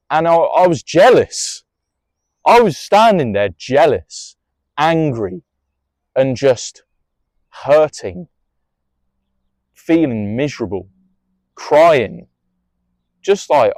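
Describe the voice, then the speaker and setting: A man's voice: lowish voice, a little mellow, no echo, studio quality. A young man tells a personal story in a rambling, emotional way, swearing freely and restarting often.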